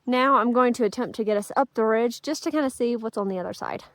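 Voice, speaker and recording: A woman's voice: on the high side, fast, dry recording. A young woman narrating her hiking vlog outdoors on a mountain trail, chatting upbeat to viewers and her dog. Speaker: vlogger.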